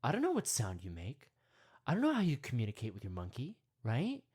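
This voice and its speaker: A man leading a parody guided meditation, rambling with constant "you know" and "right?", sometimes dropping to hushed whispers. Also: mid-range voice, wildly swooping pitch, brisk, breathy edge. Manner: drops to hushed whispers at times.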